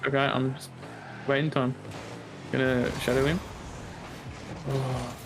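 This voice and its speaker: A man giving excited, joking commentary while playing a game with a friend, throwing in mock-British slang. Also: mid-range voice, slow pace, background noise. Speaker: gamer streaming with a friend.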